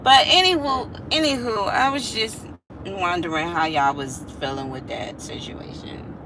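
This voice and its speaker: A woman's voice: mid-range voice, unhurried, noisy background. A woman, talking casually and reflectively to her viewers, now and then singing a line. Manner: chatty, reflective, slips into singing. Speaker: vlogger. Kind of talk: casual talk to camera.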